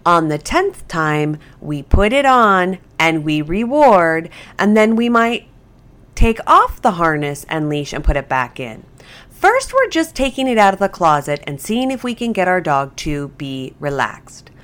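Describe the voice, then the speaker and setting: A woman's voice: on the low side, very animated, a little slow, a bit bright. A woman who trains dogs, explaining the training step by step in a podcast monologue. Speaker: dog trainer.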